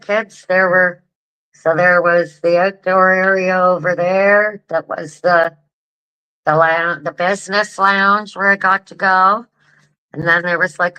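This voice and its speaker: A woman hosts an online show and chats casually to her viewers. She talks at an unhurried pace and often repeats words as she rambles along. Her voice has a bright, forward edge. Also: mid-range voice, smooth, low-quality recording. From Canada. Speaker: show host.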